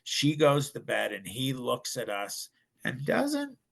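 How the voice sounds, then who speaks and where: A middle-aged man from Ohio in the United States is a guest on a podcast, animatedly telling his story and acting out other people's voices. His medium-pitched voice swoops wildly in pitch, moves slowly, and carries vocal fry.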